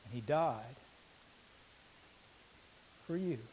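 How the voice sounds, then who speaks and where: A man preaching a sermon, reading scripture aloud slowly and swinging between loud emphasis and quiet intensity. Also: medium pitch, animated, slight background noise, rough recording. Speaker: pastor.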